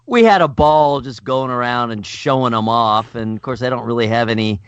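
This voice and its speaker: A man co-hosting a podcast, rambling through a story in casual chat, with halting restarts. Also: medium pitch, clean tone, no echo, lo-fi sound. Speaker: podcast co-host.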